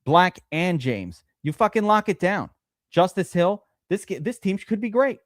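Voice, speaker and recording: A man hosting a live-stream fantasy draft, talking in an excitable, rambling way and swearing often. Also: sits high, unhurried, no room sound, studio quality. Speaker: streamer host.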